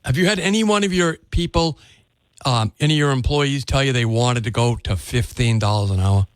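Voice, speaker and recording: A man's voice: medium pitch, a little fast, smooth, no room sound. A man hosting a call-in radio talk show, chatting casually and often restarting words. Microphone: studio microphone.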